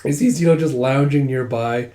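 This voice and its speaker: A man's voice: medium pitch, moderate pace, dark tone. Casual young man with a sore throat. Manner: casual, filler-heavy retelling. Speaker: manga reader, video host. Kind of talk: casual manga readthrough. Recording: roomy echo.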